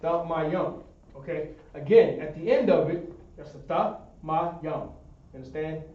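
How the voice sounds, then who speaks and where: A man's voice: on the high side, moderate pace. A man teaching a Hebrew class at a board, explaining step by step and checking that students understand. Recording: echoey room, distant dull sound.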